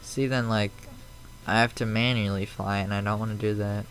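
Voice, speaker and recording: A man's voice: fairly low pitch, fairly even intonation, normal speed, a bit bright, a little hiss or hum. A man streaming a flight simulator from home, chatting loosely and answering viewers' messages aloud as they come in. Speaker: flight sim live streamer. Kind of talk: casual live-stream chat.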